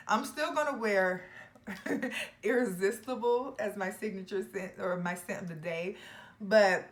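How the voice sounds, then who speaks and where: A young woman reviewing fragrances in casual chat to camera, emphatic and playful, dropping into hushed asides now and then. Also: mid-range voice, expressive, a little slow. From Georgia, US.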